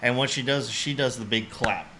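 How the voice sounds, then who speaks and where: A man's voice: medium pitch, moderate pace, noisy background. A man hosting a casual movie podcast, retelling the plot in a rambling way full of fillers. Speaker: podcast host.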